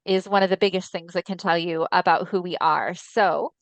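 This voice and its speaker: A webinar presenter for an ALS voice nonprofit speaks at normal speed with a lowish, steady voice, recorded dry on a video call microphone. She explains things in a friendly, educational way, with frequent ums.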